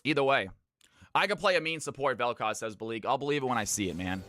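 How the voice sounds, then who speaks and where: A man's voice: mid-range voice, lively intonation, fast talker, sharp tone, faint music behind. A man from California hosting a live game stream, commentating picks and greeting viewers by name in an upbeat way. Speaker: streamer casting viewer games.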